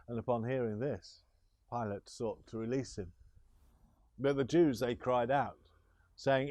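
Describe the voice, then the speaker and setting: A man retelling scripture slowly and deliberately, with small restarts. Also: medium pitch, fairly even intonation, dark tone, no room sound. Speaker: scripture reader. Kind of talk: scripture storytelling.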